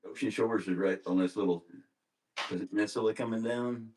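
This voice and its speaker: A man's voice: lowish voice, fairly even intonation, fairly quick, a little mellow, breathy edge. A middle-aged man from Alabama, a father chiming in from the side and prompting his daughter with questions. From Alabama, USA. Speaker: guest's father.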